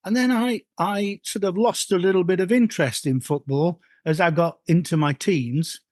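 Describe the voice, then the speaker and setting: An older man from Yorkshire recalling his football youth in an interview, talking in rambling, halting sentences with many restarts. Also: high-pitched, a little mellow, no echo. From Yorkshire, England. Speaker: former footballer, guest. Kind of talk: interview storytelling.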